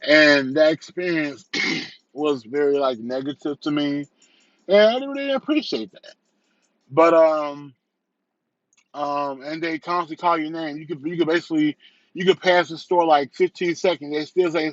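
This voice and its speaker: A man's voice: fairly high pitch, moderate pace, no room sound, lo-fi sound. A man from the south suburbs of Chicago giving a candid, rambling vlog review, repeating phrases and restarting sentences as he talks. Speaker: vlogger and entrepreneur.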